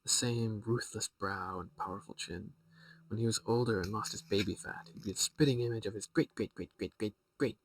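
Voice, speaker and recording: A man's voice: on the low side, a little fast, distant mic, slight background noise, poor audio. A man streaming a game, reading a book from it aloud and breaking off into amused, rambling asides.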